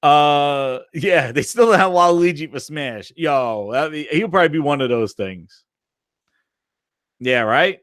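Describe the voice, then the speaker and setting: A man's voice: a little high, a little slow, dry recording, studio quality. A man hosting a casual gaming live stream, rambling and swearing as he answers chat. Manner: animated, profane, rambling.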